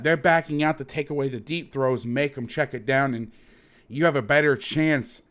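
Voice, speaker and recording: A man's voice: a little high, a bit bright, clear, resonant tone. A man hosting as a football coach, breaking down game film in a heated, profane, emphatic way, repeating his points.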